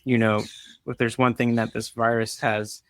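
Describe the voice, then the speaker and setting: A man co-hosting a casual live-streamed talk, easygoing and rambling, with a relaxed joking manner. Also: medium pitch, normal speed, no echo. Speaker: podcast co-host.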